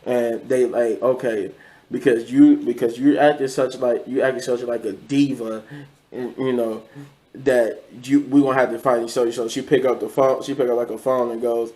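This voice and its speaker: A man's voice: mid-range voice, fairly even intonation, normal speed, dark tone, poor audio. A man casually recapping a TV episode, rambling, with many restarts and quoted lines. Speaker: show reviewer.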